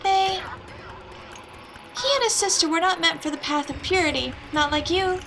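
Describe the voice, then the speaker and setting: A woman voicing a nervous mother caught up in a cult, speaking in a soft, reassuring tone in a video game. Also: very high voice, moderate pace, music in the background, voice pushed up. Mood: uneasy. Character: nervous mother in a cult, soothing yet uneasy.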